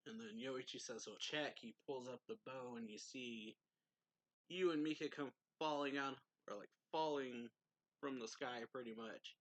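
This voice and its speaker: A man's voice: medium pitch, fairly even intonation, moderate pace, no room sound. Casual young man recapping a manga. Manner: rambling, loose retelling with many fillers and light laughs. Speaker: anime reviewer.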